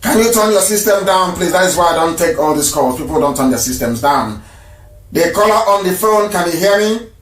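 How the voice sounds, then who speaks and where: A man with a high voice hosts a live radio call-in show and talks emphatically, hammering points home by saying them again and again. His voice rings in an echoey room. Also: animated, brisk, a bit bright. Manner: emphatic, repeats phrases for stress. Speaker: radio broadcast host.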